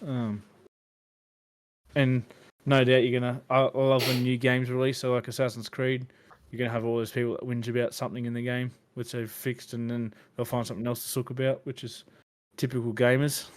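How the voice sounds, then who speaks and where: A man's voice: mid-range voice, level tone, a little fast. A man hosting a podcast, chatting loosely about video games with lots of fillers. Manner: rambling, filler-heavy gamer chatter. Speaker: podcast host. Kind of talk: casual chat.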